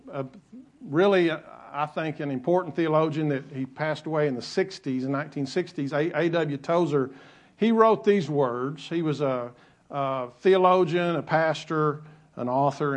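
A male pastor preaching a sermon in a conversational way, repeating key phrases and adding light asides. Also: on the high side.

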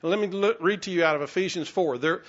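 A man preaching a sermon as pastor in a conversational, halting way, with many restarts and fillers. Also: high-pitched, highs cut off.

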